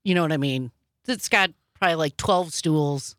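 A woman co-hosting a casual news chat, sarcastic and quick with asides. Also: deep voice, a bit bright, no room sound, clean studio sound. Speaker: podcast co-host.

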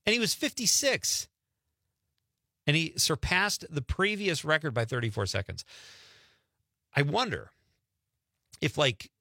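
Animated joking male radio host. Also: mid-range voice, dry recording, studio quality. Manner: animated, joking, laughs often. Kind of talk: casual radio chat.

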